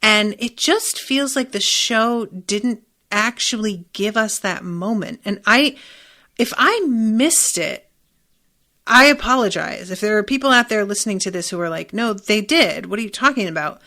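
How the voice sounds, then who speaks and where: A woman's voice: mid-range voice, expressive, unhurried, pushed and bright. A woman hosting a podcast, giving a candid, emphatic, casual recap of a TV episode with lots of fillers. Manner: candid and emphatic, with frequent fillers and some swearing. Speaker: podcast host.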